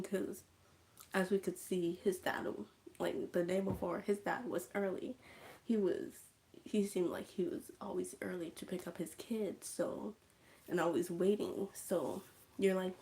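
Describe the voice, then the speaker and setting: Slow-talking woman recapping a horror film. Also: mid-range voice, steady tone, gravelly, mellow. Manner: slow storytelling, drops to whispers. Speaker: livestream host. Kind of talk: casual movie recap.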